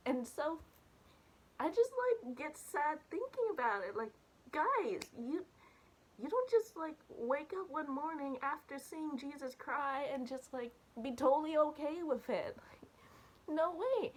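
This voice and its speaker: Chatty woman sharing a dream story, kinda high voice, lots of ums and restarts. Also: takes it slowly. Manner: animated, talks straight to viewers, many fillers and restarts. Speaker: church video speaker. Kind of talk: casual testimony about a dream.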